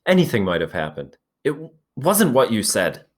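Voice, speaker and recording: A fretful, bespectacled schoolboy whose voice climbs high and shrill when he pleads, as a man reads him aloud. He stays fussy and anxious and keeps reasoning and begging in a thin, raised tone. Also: huge pitch swings, moderate pace. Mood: shrill, agitated. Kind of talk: reading a novel aloud with voices.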